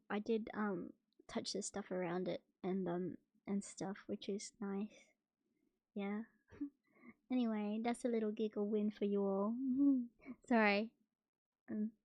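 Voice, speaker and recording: A young woman chatting casually on a stream, soft and hesitant, with many fillers. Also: mid-range voice, no room sound, highs cut off. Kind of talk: casual chat.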